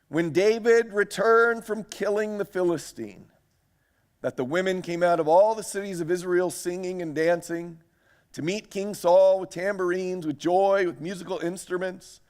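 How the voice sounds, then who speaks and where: Male preacher, high-ish voice, animated, quizzes the congregation. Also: a little slow. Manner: animated, asks the audience questions. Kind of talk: sermon lecture.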